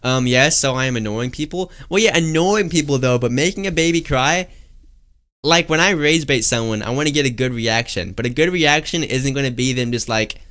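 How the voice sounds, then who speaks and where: A man's voice: mid-range voice, brisk, a bit bright. A young man streaming live, chatting casually and reading out viewer messages, rambling with lots of fillers and calling everyone "guys" and "bro".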